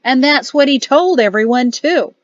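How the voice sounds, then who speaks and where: A hearty old general with a booming, teasing bark, as a woman puts him on. He sits higher than a gruff soldier and pushes his lines out loudly and proudly. The sound is dull and dry, close to the mic. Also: expressive, moderate pace, no echo. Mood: jovial. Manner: booming, barking laughter. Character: hearty boastful older male general, teasing.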